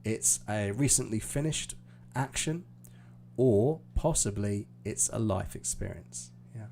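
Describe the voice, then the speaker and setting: A man's voice: on the low side, expressive, slow pace, vocal fry, mellow, a little hiss or hum. A British man teaching pronunciation on a live stream lesson, explaining patiently with many fillers. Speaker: IELTS teacher.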